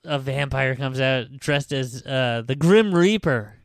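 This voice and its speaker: A man on a book podcast retells a story in loose, casual chat. He rambles and swears, with plenty of ums and uhs. His voice is smooth and clear, and the room sounds dry and close. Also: medium pitch, expressive, slow, dry recording. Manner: rambling, profane retelling full of fillers.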